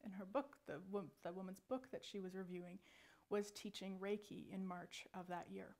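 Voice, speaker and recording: A woman in her forties, a psychic medium, telling a personal story in a chatty, animated way with many restarts. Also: medium pitch, normal speed.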